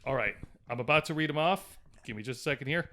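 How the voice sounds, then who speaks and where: A man co-hosting a podcast, relaxed and chatty, reading out news notes. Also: mid-range voice, fast. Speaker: podcast co-host. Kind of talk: casual chat.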